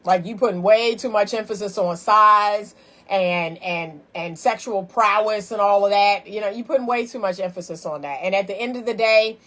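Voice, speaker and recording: A woman talks straight to her live viewers about choosing a partner, frank and chatty, with quick laughing asides. Her voice sits at an ordinary middle pitch for a woman. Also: fairly bright tone. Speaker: relationship advice host. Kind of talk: casual live-stream advice talk.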